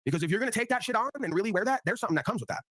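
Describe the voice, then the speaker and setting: Guy ranting on his stream panel super fast, swears a lot, keeps going "right?", dry sound. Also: sits high, big pitch swings, fairly bright tone, no room sound. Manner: blunt, profane, repeats tag questions. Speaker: livestream panel host. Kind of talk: casual ranting talk.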